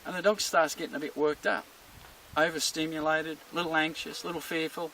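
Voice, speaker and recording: A man who trains dogs, talking viewers through an example in an animated storytelling way. His voice is bright and sits a little high for a man. The mic is some distance away, with a faint hiss behind him. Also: fairly quick. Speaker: dog trainer. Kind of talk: explaining with a story.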